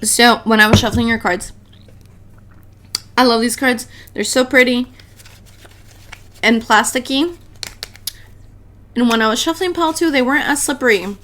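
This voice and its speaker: A woman's voice: a little high, moderate pace, long pauses, fairly bright tone, slight background noise. A woman giving a casual tarot reading to her viewers, chatty and blunt, swearing freely and laughing often. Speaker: tarot reader.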